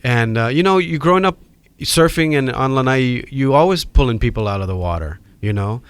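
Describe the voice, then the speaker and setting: A middle-aged man from Hawaii with a Hawaiian accent, telling animated stories as a podcast guest. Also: mid-range voice, a little fast, clear, resonant tone, no echo. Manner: animated storyteller acting out quoted voices. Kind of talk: storytelling in a podcast interview.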